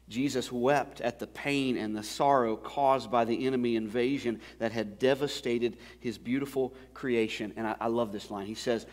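A man's voice: medium pitch, fairly even intonation, normal speed. Pastor guy preaching, chatty then fired up, big echoey church hall. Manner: conversational storytelling that builds to loud, emphatic preaching. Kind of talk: sermon. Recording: long hall reverb.

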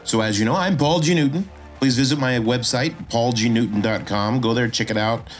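A man hosting a screenwriting podcast, talking casually and swinging his pitch up and down, with frequent restarts. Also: brisk, faint music behind. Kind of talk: casual instructional talk.

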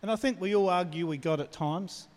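A man's voice: high voice, a little fast, a little mellow, long reverb tail. A man preaching a sermon as pastor, talking conversationally and asking the congregation questions.

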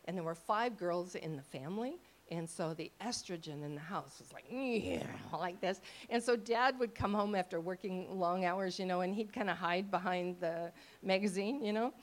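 An older woman teaching a live audience in a chatty way, acting out quoted thoughts in lively voices and often checking that listeners follow. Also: medium pitch, moderate pace. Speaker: ministry teacher.

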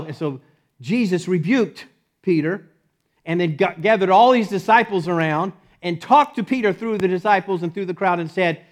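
Animated male preacher with big swings. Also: high voice, normal speed. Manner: animated, swings from loud emphasis to soft near-whisper, laughs often. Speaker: pastor. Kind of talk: sermon.

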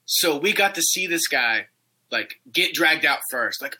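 A young man in casual chat, telling an animated story, laughing often and swearing. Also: a little high, measured pace, breathy edge, poor audio.

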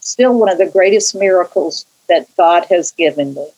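Recalling how music shaped her early life, an older California woman from a church choir talks in a rambling, conversational interview full of restarts and side trips. Her pitch is fairly low, her tone darkish, and she moves at a moderate pace; the audio is poor.

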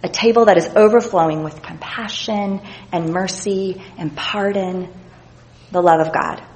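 Earnest woman teaching scripture, reflective, reads bible verses out loud. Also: on the low side, a little slow, poor audio.

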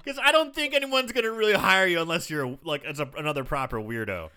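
Bright-voiced man recapping a film. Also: on the high side, lively intonation, fast, clean tone. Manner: recounts scenes, acts out characters' lines. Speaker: podcast co-host. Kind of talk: casual movie recap chat.

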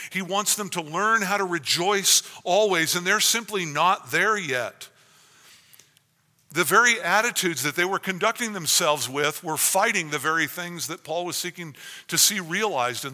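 A man's voice: sits high, bright, forceful tone, long reverb tail. A man preaching a sermon as pastor, earnest, with frequent restarts.

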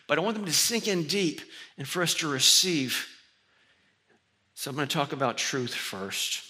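Delivering a sermon, a middle-aged pastor with a slightly high voice shares a story from his own life. He tells it with lively, self-mocking humor.

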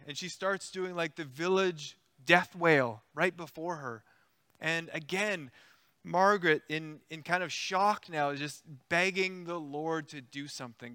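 A man preaching a sermon, retelling a story in a conversational, animated way with acted-out quotes. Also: on the high side, moderate pace, no room sound.

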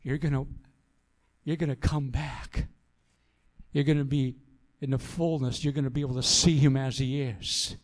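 A man's voice: medium pitch, fairly even intonation, moderate pace. A man pastor giving an earnest sermon, repeating phrases for emphasis as he tells a story and then exhorts the congregation.

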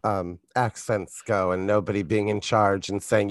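A man's voice: on the low side, steady tone, measured pace, dry recording. A man joining a casual podcast chat, making dry, grumbling remarks.

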